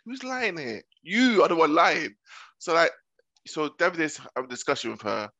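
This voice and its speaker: A man's voice: on the high side, animated, normal speed, gravelly, pushed and bright, dry recording. A young man retelling reality-show drama in casual slangy chat, voicing the people he quotes.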